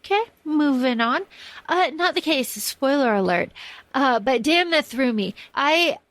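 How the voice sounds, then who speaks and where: Woman podcast co-host, high voice, enthusiastic and rambling, dry recording. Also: animated, unhurried, a bit bright, no echo. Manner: rambling, enthusiastic, swears freely. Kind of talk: casual film discussion.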